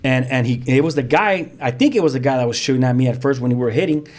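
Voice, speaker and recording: A man, a pastor telling his own story as a guest in lively, vivid storytelling with street slang and sound effects. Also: medium pitch, fast talker. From South Central Los Angeles. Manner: frequent restarts, street slang. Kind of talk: animated storytelling.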